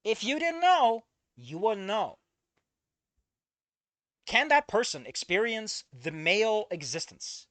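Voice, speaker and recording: Man, bright lively voice, casual profane fan-fiction rant. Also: sits high, slow pace, long pauses, dry recording. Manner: profane, exasperated ranting. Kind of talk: casual commentary reading a story aloud.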